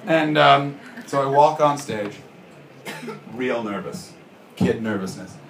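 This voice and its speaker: A man from Canada performing a stand-up comedy set, telling a story and acting out the people in it with sudden shouted lines. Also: mid-range voice, lively intonation, slow, gravelly, noisy background. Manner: storytelling, acts out characters with shouted bits. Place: comedy club stage with audience. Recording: roomy live club sound from far off.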